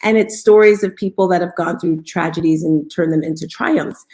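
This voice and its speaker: A woman's voice: fairly low pitch, normal speed, darkish tone. A woman hosting a live motivational morning talk, upbeat and coaxing as she draws listeners in and leads call-and-response. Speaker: host of a live audio room.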